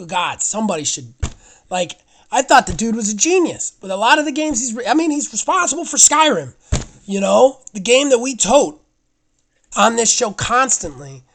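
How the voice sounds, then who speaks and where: Male podcast co-host, excitable, rambles, casual delivery. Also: very high voice, normal speed, slight background noise.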